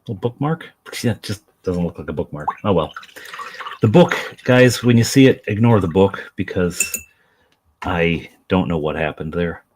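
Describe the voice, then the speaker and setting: Low husky-voiced man chatting while painting. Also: expressive, normal speed, darkish tone. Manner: rambling, self-deprecating, chats to his dog and viewers. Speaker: live-stream miniature painter. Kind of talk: casual live-stream chat.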